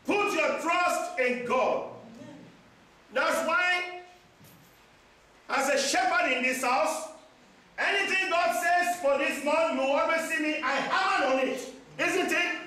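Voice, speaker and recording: A man's voice: very high voice, slow, pushed and bright. A male pastor preaching a sermon with emphatic, repeated phrases in a church hall. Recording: echoey church hall from far off.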